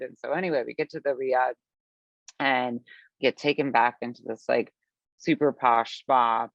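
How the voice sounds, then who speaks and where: A woman from the Midwest, a podcast guest telling a long story in a chatty, animated way, full of fillers and acted-out quotes. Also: very deep voice, normal speed, gravelly, no echo. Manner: animated, chatty, filler-heavy, acts out her own past lines. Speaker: podcast guest, business founder. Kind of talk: storytelling in conversation. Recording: dull, lo-fi, dry sound.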